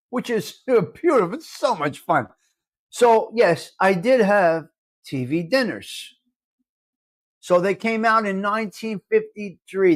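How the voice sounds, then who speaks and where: A man hosting a casual live-stream chat, brash and mock-combative, swearing freely as he talks to viewers. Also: high voice. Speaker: live show host.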